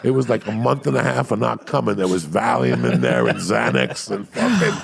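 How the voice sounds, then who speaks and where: A man, a comedian on a podcast, telling profane stories in a loud, crude, rowdy way with a gravelly voice. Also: fairly low pitch, very animated, brisk, a crowd in the background. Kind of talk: profane storytelling.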